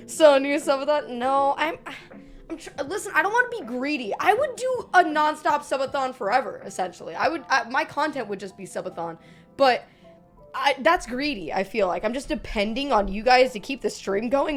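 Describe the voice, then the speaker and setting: Young woman, streamer, high, bouncy, playful, swearing, slightly worn voice. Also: moderate pace, soft background music. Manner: animated, swearing, laughing, playful. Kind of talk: casual live-stream chat.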